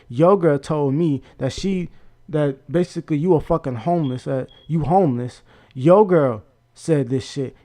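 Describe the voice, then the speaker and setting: A man's voice: on the high side, darkish tone. A nineteen-year-old man telling an angry story in a heated, profane, repetitive rant. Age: young adult, about 19. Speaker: vlogger.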